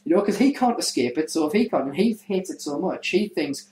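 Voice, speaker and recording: A man hosting a casual podcast, retelling a story in a rambling, profane, animated way. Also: a little high, fairly quick. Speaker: podcast host. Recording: echoey room.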